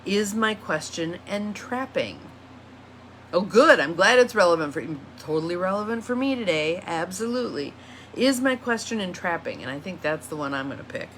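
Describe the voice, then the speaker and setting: A woman with a fairly low voice gives a relaxed coaching talk. She reads reflective questions out loud and goes back over them. A faint hiss of noise sits behind her. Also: normal speed. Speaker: empowerment coach. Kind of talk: casual teaching monologue.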